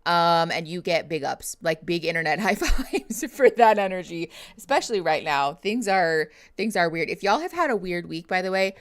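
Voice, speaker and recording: A woman's voice: on the low side, expressive, normal speed, few pauses. A woman therapist hosting a casual livestream, chatting with viewers, reading their messages and laughing often. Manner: reads out and answers viewer chat messages. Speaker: therapist streaming reactions to a reality show.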